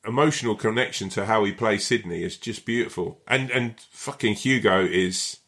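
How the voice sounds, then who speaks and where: A man's voice: on the low side, moderate pace, a bit bright. A man, an actor talking casually in an interview, rambling with lots of fillers and frequent swearing. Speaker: actor and guest.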